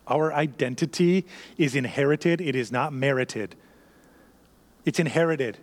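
A man preaching a sermon as a pastor, emphatic and repetitive, sometimes sinking to a hushed near-whisper. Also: medium pitch, measured pace, pauses often. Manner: emphatic, repeats key phrases, drops to a hushed near-whisper.

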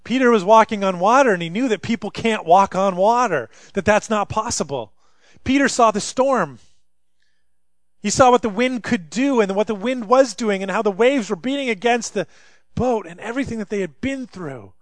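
A man preaching a sermon, moving between loud, impassioned pleading and hushed, quiet stretches. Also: sits high, expressive, normal speed, no room sound. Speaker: pastor.

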